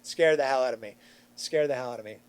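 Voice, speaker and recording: A middle-aged man from Long Island, chatting on a podcast and telling a story with lively, acted-out quotes. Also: fast, clear, resonant tone. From Long Island, New York. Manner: animated, acts out quotes with big swings in pitch and loudness. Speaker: podcast panelist. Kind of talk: casual storytelling chat.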